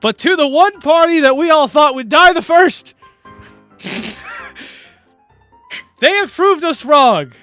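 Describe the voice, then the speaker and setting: Guy doing a loud high-pitched guild boss, hollering toasts over a bit of music. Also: animated, normal speed, hardly any pauses, clear, resonant tone, full character voice. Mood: rousing. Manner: loud, booming, rallying. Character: boisterous guild leader raising a toast.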